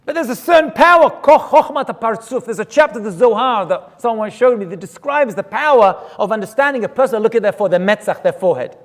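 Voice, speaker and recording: A man, a rabbi, telling a story in an animated way during a sermon and mixing in Hebrew terms. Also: high-pitched, fast, few pauses. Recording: long hall reverb.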